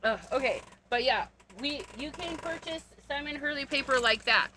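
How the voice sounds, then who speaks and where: A woman's voice: sits high, moderate pace, sharp tone, slight background noise. A woman hosting a casual card-making livestream, chatting to viewers while she rummages through paper and supplies, with frequent gasps and little laughs.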